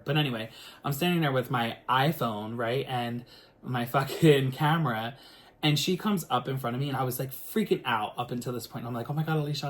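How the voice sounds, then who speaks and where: Chatty man telling a story. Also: medium pitch. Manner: animated, chatty, peppered with filler words and swearing. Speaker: singer talking to camera. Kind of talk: casual storytelling.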